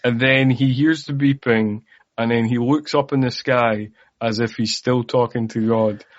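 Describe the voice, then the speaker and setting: Here a male podcast co-host rambles through casual chat, dropping fillers and wry remarks along the way. He speaks at a measured pace in a mid-range voice with fairly even intonation, captured on dull lo-fi podcast audio.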